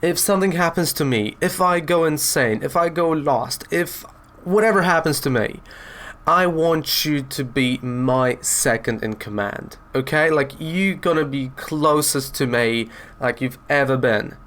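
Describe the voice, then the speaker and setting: A man's voice: fairly high pitch, unhurried, a bit bright. A man voicing an earnest male god-king who asks a friend to be his second in command, in a comic review.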